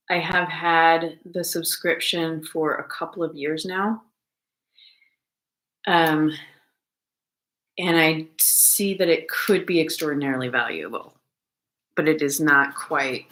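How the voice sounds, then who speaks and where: A woman's voice: low voice, bright, forceful tone. A woman who works with dogs, thinking aloud in a casual, rambling monologue, swearing freely and laughing often.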